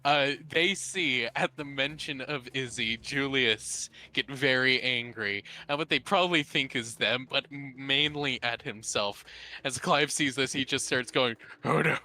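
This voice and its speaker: Halting game master, very bright voice. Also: male voice, medium pitch. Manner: halting, restarts sentences, laughs often. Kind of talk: narrating a tabletop game.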